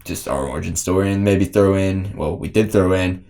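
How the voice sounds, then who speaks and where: A young man co-hosting a casual filmmaking podcast, animated and joking as he rambles through analogies. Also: low voice, moderate pace. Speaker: podcast co-host.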